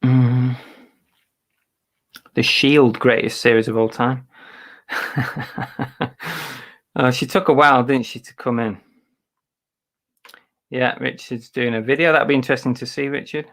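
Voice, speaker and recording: Man from Manchester, mid-pitched, casual live-stream chatter, half muttered to himself, webcam mic. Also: fairly even intonation, slow pace, long pauses, fairly bright tone. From Manchester, England. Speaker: eBay reseller streaming live.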